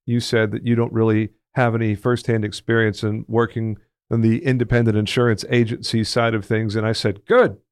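A man's voice: fairly low pitch, level tone, fairly quick, hardly any pauses, clear, resonant tone, no room sound, clean studio sound. A man from Texas who hosts a podcast and talks in a chatty, joking, friendly way. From Texas, United States. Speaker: podcast host. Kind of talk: casual interview chat.

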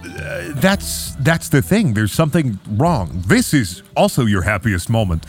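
A man's voice: medium pitch, sing-song, unhurried, soft background music. A man voicing a weary childlike arbiter in a tabletop game, hesitant, stammering and fed up with its task. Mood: uneasy. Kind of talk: tabletop role-play voicing.

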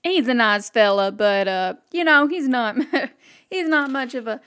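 A woman's voice: fairly high pitch, expressive, measured pace, bright, forceful tone, smooth. A woman voicing a polite, hesitant older male ranch owner who rambles with fillers. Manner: courteous, hesitant, filler-heavy.

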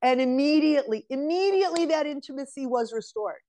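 Here a relationship mentor in her forties, appearing as an interview guest, recounts a personal story in relaxed conversation and speaks earnest advice straight to women. Her high-pitched, mellow voice is animated and fairly quick, with slight background noise behind it.

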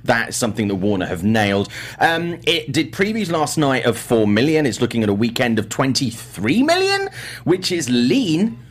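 A man's voice: medium pitch, very animated, moderate pace. A middle-aged man with an English accent, hosting a casual movie chat show, rambling and self-deprecating with many fillers. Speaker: host.

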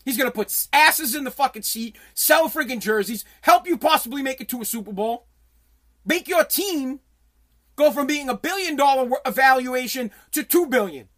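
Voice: sits high, animated, moderate pace, fairly bright tone. A sports talk host giving heated, blunt commentary full of swearing, restarting sentences often while reading viewer comments. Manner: heated, profane, blunt, with frequent repeated restarts.

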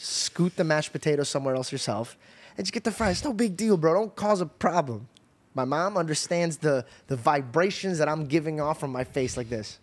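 A young man hosting a podcast, telling a story in lively casual chat, often laughing and restarting sentences. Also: on the high side, normal speed. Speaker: podcast host.

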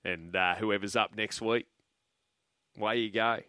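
A man's voice: lowish voice, fairly even intonation, unhurried, sharp tone, clear, resonant tone, dry recording. An Australian man hosting sports radio, taking calls in an easygoing, casual way. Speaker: radio host. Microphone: studio mic.

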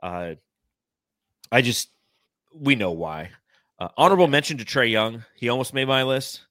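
A man hosts a casual sports podcast, his voice bright and forceful. He jokes bluntly, swears freely and reads out viewer comments from a live chat, heard close and dry. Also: medium pitch, expressive, moderate pace, no echo. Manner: joking, profane and blunt. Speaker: podcast host.

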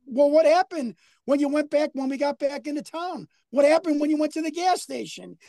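A man's voice: very high-pitched, brisk, gravelly, warm tone, no room sound, clean studio sound, pitched above the performer's own voice. A man putting on the voice of an older wrestler who talks to a friend in a coaxing tone with pet names. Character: smooth-talking older male wrestler, coaxing.

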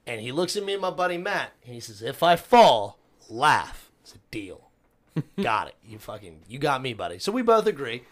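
A man in casual podcast chat, swearing a lot as he tells a story. His pitch swings widely, rising high as he acts out people yelling. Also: fast. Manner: profane, animated storyteller. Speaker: podcast guest.

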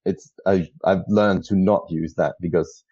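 A Danish man on a podcast speaks English in a very low, dark voice, pausing often to search for words. His mic sounds dull and lo-fi, and the sound is dry with no room echo. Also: steady tone, breathy edge. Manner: hesitant, many "uh" fillers. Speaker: podcast guest. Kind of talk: casual chat.

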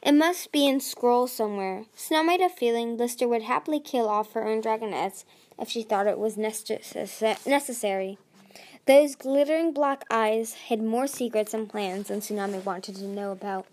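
A woman reading a fantasy storybook aloud for listeners. Her voice sits fairly high. She stumbles now and then and restarts a word. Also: normal speed, a little mellow. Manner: reads with small slips and restarts. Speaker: audiobook reader. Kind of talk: storybook narration.

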